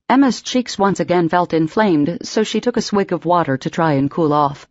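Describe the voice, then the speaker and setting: A woman's voice: on the low side, lively intonation, normal speed, hardly any pauses, no room sound, dull audio. A woman narrating an audiobook, reading steadily. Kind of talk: scripted narration.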